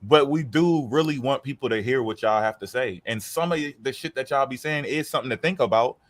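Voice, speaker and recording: Animated, profane man in casual talk. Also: mid-range voice, fairly quick. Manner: animated, profane, acts out quoted voices. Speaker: podcast co-host. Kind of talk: casual chat.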